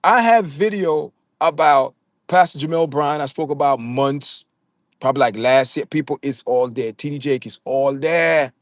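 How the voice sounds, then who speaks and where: A man's voice: fairly high pitch, moderate pace, no room sound, clean studio sound. A man with a Jamaican accent hosting a casual livestream, talking straight to his chat viewers and often stammering and repeating words. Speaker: livestream host.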